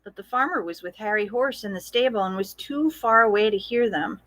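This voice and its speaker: A woman reading a picture book aloud to children, gentle and expressive, asking the children questions. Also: medium pitch, fairly quick. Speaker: storytime reader.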